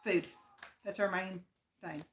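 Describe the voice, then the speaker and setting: A woman's voice: medium pitch, steady tone, slow pace, a little hiss or hum. A woman with an Appalachian accent co-hosting a livestream, chatting in a homey, folksy way and reading viewer comments. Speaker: livestream co-host. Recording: roomy echo.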